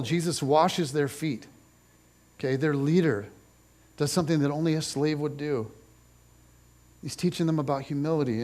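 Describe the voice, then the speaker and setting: A man preaching a sermon as pastor, telling the story in a lively, animated way and briefly acting out the people in it. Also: a little high. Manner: animated storytelling, acts out voices.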